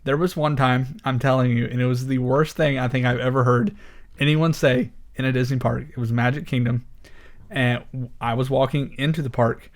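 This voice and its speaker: Halting man podcast co-host. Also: medium pitch, steady tone. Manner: hesitant, halting delivery with frequent uhs. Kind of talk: casual chat.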